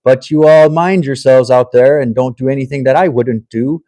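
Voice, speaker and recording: A man's voice: medium pitch, normal speed, warm tone, dry recording, voice pushed up, close to an everyday voice. A man putting on a cheery Irish sign-off. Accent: put-on Irish. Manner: friendly farewell, exaggerated lilt that fades.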